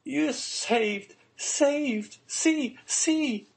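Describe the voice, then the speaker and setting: A man reading an audiobook, voicing an overjoyed young woman in a high, breathless and excited voice. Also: measured pace, natural voice.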